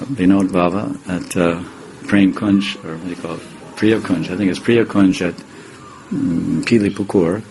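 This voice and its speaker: A man's voice: on the low side, slight background noise, rough recording. Older man giving a chuckling devotional talk. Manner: chuckling, digressive storytelling with wordplay. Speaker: spiritual teacher giving a class. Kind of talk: devotional class, storytelling.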